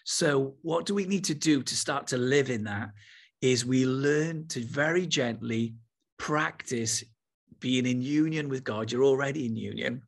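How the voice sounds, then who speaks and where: Husky man, spiritual teacher, eager preaching, soft slow meditation guidance, mid pitch. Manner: enthusiastic, then slow and soft when guiding.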